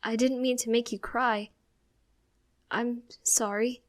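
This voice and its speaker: A woman's voice: fairly high pitch, fairly even intonation, slow pace, voice pushed up. A woman voicing an anxious, emotional young boy who talks in a pleading, tearful way. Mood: apologetic.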